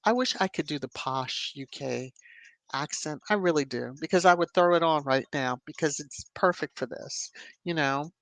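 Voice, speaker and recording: A woman's voice: sits low, a bit bright, no echo. Sassy chatty woman streamer. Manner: sassy, chatty asides, frequent laughter and hums. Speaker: livestream host. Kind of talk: casual livestream commentary reading chat.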